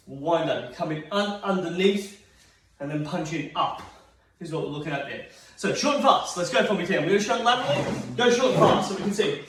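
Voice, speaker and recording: An Australian man leading a seated exercise class, upbeat and encouraging, counting reps aloud and getting out of breath. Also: high voice. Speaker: fitness instructor. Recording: very echoey room, mic far off.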